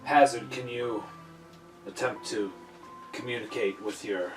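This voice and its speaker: A man chatting as a player in a tabletop game, brisk and direct. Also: lowish voice, steady tone, soft background music. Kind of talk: casual tabletop chat. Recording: echoey room, distant mic.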